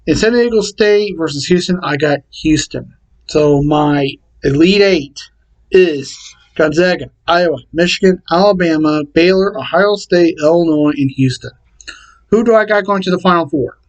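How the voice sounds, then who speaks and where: A man casually talking to camera and reading out his picks in a plain, repetitive way with halting restarts. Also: on the high side, rough recording. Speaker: vlogger.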